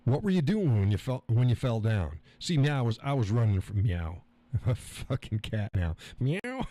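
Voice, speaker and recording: On his casual live stream, a middle-aged man reads viewer chat in a lowish, warm voice with lively intonation at a normal speed. He's talkative, tells crude jokes and laughs often.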